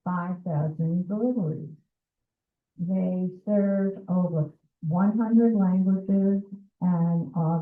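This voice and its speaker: A woman with a slightly low voice reads a committee report into a shared meeting microphone. She keeps it chatty, with fillers and quick asides to the audience. The room echoes, and the sound is thin and phone-like. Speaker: committee chair. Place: community board meeting room.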